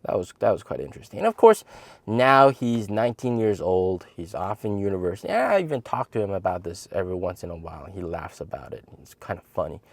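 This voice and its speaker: A man in his thirties casually telling a funny story to camera as host of his channel, animated and jumping into high voices when he quotes people. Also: quick pace, creaky, no room sound. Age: 30s.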